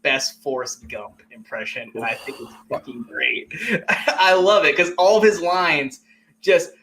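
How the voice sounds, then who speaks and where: A man gushes about a favorite action film, laughing and bursting into quoted lines. His voice is bright and forceful, sitting a little high. The talk is loose and conversational. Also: a little slow, slight background noise. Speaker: podcast co-host. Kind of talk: casual movie chat.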